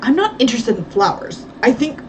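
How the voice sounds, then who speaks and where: A man's voice: very high voice, sing-song, fairly quick. A woman reading aloud voices a demanding male villain who fires off questions, a bit distant over faint background noise. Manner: demanding, interrogating.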